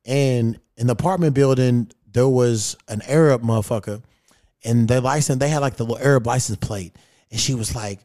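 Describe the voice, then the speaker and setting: A man's voice: medium pitch, expressive, a little fast, mellow, no room sound, studio quality. Blunt, profane man on a podcast. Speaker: podcast host. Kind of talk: casual chat.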